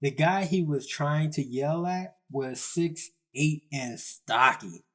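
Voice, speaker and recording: A man's voice: on the high side, takes it slowly, crowd noise. A young man narrating a comedy story in a casual, slangy, self-mocking way.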